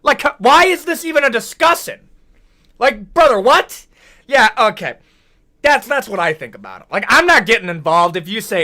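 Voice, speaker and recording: In a high voice at a moderate pace, this young American man offers casual commentary on video. He jokes and rants animatedly, full of mock outrage and slang such as "brother, what?"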